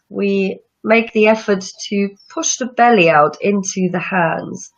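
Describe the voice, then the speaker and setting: A woman yoga teacher leading a guided breathing meditation with slow, soothing instructions. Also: fairly low pitch, creaky. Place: room with chairs, not a studio. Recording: dull lo-fi sound.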